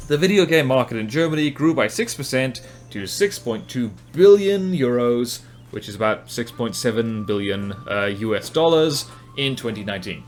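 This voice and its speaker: A man's voice: mid-range voice, expressive, normal speed, few pauses, soft background music. A man from New Zealand with a New Zealand accent, giving rambling, self-mocking commentary over his gameplay. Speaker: gaming commentator.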